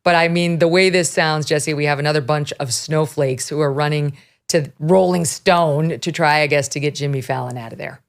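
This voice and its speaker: A woman in her fifties hosting a talk show, blunt and animated, laughing often as she chats. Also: low voice, normal speed, gravelly. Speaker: podcast host. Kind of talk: opinionated talk show chat.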